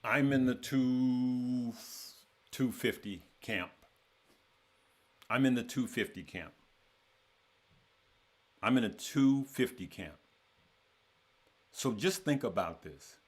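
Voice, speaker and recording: A man's voice: lowish voice, animated, slow pace, long pauses, husky. A man hosting a trading course, talking casually to his members and repeating phrases for emphasis.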